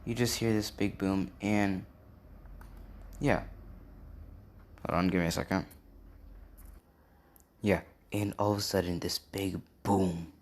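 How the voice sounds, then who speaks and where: Man, low voice, slow, rambling casual storytelling, lots of fillers. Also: fairly even intonation. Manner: rambling, many "and yeah" and "right?" fillers. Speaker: fan storyteller.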